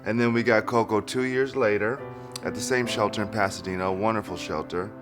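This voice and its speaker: Man, dog owner, friendly and relaxed, lowish voice, music bed. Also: fairly quick. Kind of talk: documentary interview.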